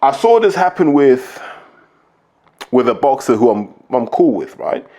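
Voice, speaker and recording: A man's voice: mid-range voice, sing-song, a little slow, mellow. Blunt man ranting about boxing. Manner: blunt, emphatic, lists points to drive them home. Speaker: podcast host, boxing pundit. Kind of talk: opinionated casual commentary.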